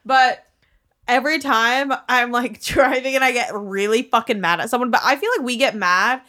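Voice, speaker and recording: A woman's voice: fairly high pitch, moderate pace, sharp tone. A woman in her twenties co-hosting a podcast, talking bluntly with lots of swearing. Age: 20s. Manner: blunt, swearing, laughs easily. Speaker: podcast co-host. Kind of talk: casual chat.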